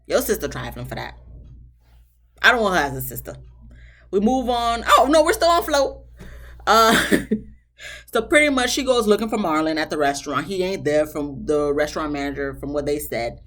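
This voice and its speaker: A woman's voice: deep voice, lively intonation, fairly quick. A woman giving a casual, slangy recap of a reality show episode, talking straight to her viewers. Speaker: TV show reviewer.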